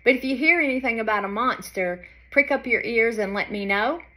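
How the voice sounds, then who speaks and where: A woman's voice: on the high side, fairly quick, sharp tone, voice pushed up, rough recording. A woman voicing a grumpy male hedgehog in a storybook reading, dry and grumbling.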